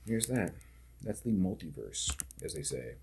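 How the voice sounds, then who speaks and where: A man's voice: low-pitched, very animated, measured pace, vocal fry, darkish tone, a little hiss or hum. A man streamer chatting casually and rambling while he plays a game, full of "like" and "dude". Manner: laid-back, loose talk full of "like" and "dude". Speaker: gaming streamer.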